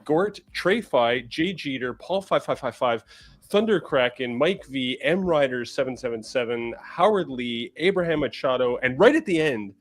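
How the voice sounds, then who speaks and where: Canadian guy rambling fast on a collector podcast, lots of uhs, middle pitch. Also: lively intonation. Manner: quick, rambling, many fillers. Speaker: podcast co-host. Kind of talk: casual chat.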